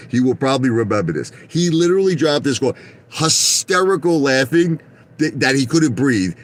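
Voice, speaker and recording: A middle-aged vlogger from Brooklyn, New York, sits in his car telling viewers rambling, boastful stories, again and again saying "listen to me" and "okay?". His mid-range voice has a fairly bright tone, with a little hiss or hum on the recording.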